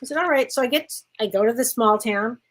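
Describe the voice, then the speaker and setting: Lively woman telling a small-town story. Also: fairly high pitch, quick pace, rough recording. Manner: animated, laughing storyteller. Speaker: co-host, psychic. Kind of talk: casual chat, storytelling. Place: rural home.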